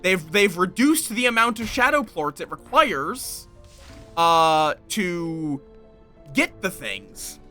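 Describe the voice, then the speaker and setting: This streamer's voice sits high and sounds bright and strained, very animated yet unhurried, with faint music in the background. He talks casually over his game, rambling, joking about himself, and engaging with the people watching.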